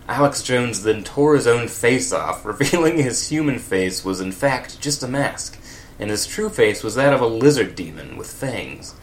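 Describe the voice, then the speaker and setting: A man's voice: medium pitch, animated, normal speed, slight background noise. A man reading comedic fan fiction aloud, with wry, laughing asides. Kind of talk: comedic read-aloud with commentary.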